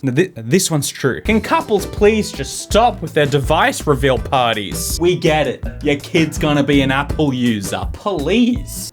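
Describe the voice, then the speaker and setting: Male vlogger, sarcastic and quick to laugh, very animated pitch; faint music behind. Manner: sarcastic, laughs often, lively. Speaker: video commentator. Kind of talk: sarcastic reaction commentary.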